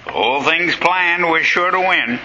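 A man playing a booming revolutionary giant. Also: normal speed, gravelly, muffled recording, noisy background, lightly acted. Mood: confident. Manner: threatening, forceful. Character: booming bullying male revolutionary giant, drunk.

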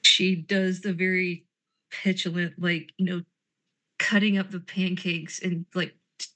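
A woman plays her character in a tabletop role-play, switching between in-character lines and description. Her voice is bright and keen. Her banter is petulant and sarcastic. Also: lowish voice, flat delivery, measured pace.

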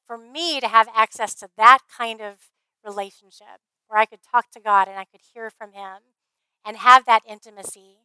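A woman speaker at a conference, telling her faith story in an earnest, heartfelt way, often trailing off softly. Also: on the high side, clear, resonant tone, no echo, rough recording. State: briefly emotional. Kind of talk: faith testimony talk.

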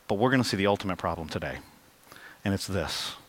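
A man's voice: low-pitched, expressive, fast talker, fairly bright tone, breathy edge. A male pastor preaching a conversational sermon, acting out quotes with lots of energy.

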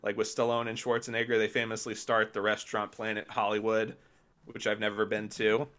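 Bright-voiced man rambling about films. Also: on the low side, monotone, fairly quick. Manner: rambling, filler-heavy, enthusiastic. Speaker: podcast co-host. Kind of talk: casual film chat.

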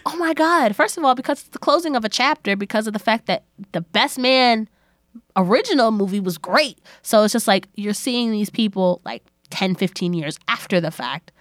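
A young woman co-hosting a podcast in casual chat, animated, laughing often and swearing freely. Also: on the high side, moderate pace, no room sound, studio quality. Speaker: podcast co-host.

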